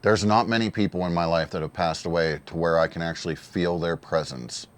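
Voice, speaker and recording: A man's voice: deep voice, fairly even intonation, brisk, clean tone. A man giving casual, earnest solo commentary on a wrestling show, emotional and given to repeating himself.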